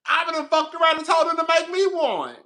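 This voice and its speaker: A man's voice: very high-pitched, fairly quick. A man talking to his viewers in a casual gossip vlog from his apartment, laughing often and swearing, repeating lines as he tells a story. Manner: laughing, animated, profane, repeats himself. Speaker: commentary vlogger.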